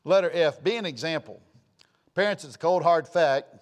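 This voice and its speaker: A man's voice: a little high, moderate pace. A man preaching a sermon, folksy and storytelling, rising and falling for emphasis.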